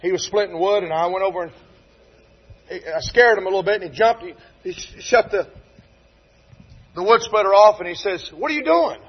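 High-voiced husky preacher. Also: male voice, fairly even intonation, moderate pace, pauses often. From North Carolina, USA. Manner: folksy storytelling preacher, building to emphatic fervor. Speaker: pastor. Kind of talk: sermon. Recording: dull lo-fi recording.

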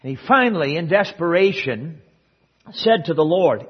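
A man preaching a sermon, telling a story with sudden swings between soft and loud passages, in front of a congregation. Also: a little high, lively intonation, moderate pace, husky, highs cut off. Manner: storytelling with dramatic swings in loudness and pace. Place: church service.

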